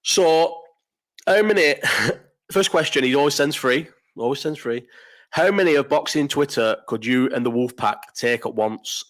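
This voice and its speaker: Young bloke hosting a live stream: blunt, sweary, rambling chat with plenty of restarts. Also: male voice, mid-range voice, moderate pace.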